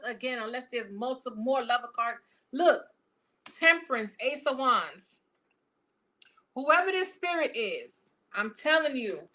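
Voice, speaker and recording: A woman reading tarot cards for her viewers in a casual, animated, profane and chatty way. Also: high voice. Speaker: tarot reader.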